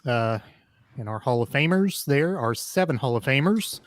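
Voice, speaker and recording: A man's voice: mid-range voice, expressive, moderate pace, no room sound. A man co-hosting a casual comedy podcast, talking with lots of hesitant fillers and laughing often. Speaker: podcast co-host. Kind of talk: casual chat.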